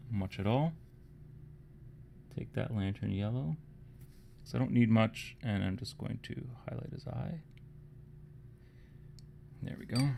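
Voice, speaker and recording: A man's voice: mid-range voice, gravelly, pushed and bright, slight background noise. A man casually talking through a live miniature painting tutorial, thinking aloud and sometimes dropping to a murmur.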